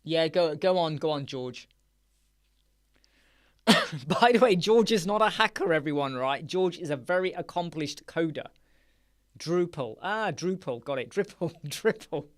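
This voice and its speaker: A man's voice: fairly high pitch, animated, a little slow, long pauses. Male host, casual live-stream chat, jokey and playful, fond of wordplay. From United Kingdom. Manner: jokey, playful, riffs on words and laughs often. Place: small dark room with soundproof panels.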